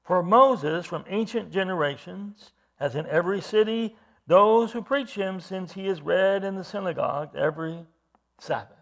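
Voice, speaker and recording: Male preacher, higher register with some gravel; reads scripture aloud, then punches key words and asks rhetorical questions. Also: normal speed. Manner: emphatic, rising to loud stresses on key words. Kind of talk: expository sermon reading scripture.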